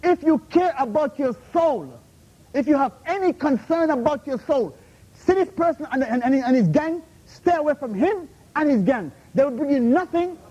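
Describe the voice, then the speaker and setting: A man's voice: very high-pitched, animated, normal speed, mellow. A man, an invited Islamic speaker, confronts a questioner in a university room, scolding him and demanding answers with repeated "Huh? How?", and he mixes Arabic terms into his English. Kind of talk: heated Q&A rebuttal. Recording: muffled lo-fi recording.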